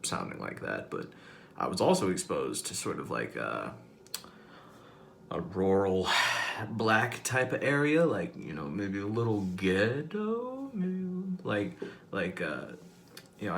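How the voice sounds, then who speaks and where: A man's voice: deep voice, very animated, measured pace, vocal fry, fairly bright tone. A man vlogging casually, rambling with lots of fillers and amused at himself. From Southern US. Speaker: comedic vlogger. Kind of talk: casual talk to camera.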